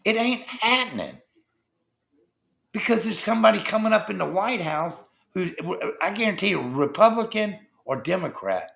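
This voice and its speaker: Fired up livestream guy cussing nonstop, raspy gravelly voice that swoops all over. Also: high voice, expressive, moderate pace, fairly bright tone. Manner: heated, swearing constantly, addresses chat viewers. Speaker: livestream host. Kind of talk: profane political rant on a livestream.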